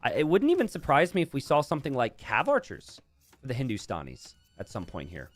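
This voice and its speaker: A man's voice: mid-range voice, wildly swooping pitch, fairly quick, no room sound. A young man casting a strategy game match, chatty and laughing easily. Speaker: esports caster. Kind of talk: game commentary.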